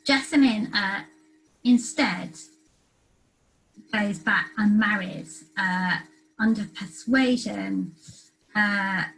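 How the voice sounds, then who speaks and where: A woman's voice: medium pitch, drawn-out words, vocal fry, long pauses, fairly bright tone, low-quality recording. A woman giving an academic lecture, hesitant and full of ums and uhs. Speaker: guest lecturer.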